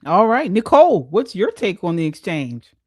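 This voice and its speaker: A woman hosting a live panel talk, giving her opinions in a lively, outspoken way. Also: medium pitch, moderate pace, no room sound, studio quality. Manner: animated, opinionated. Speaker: show host.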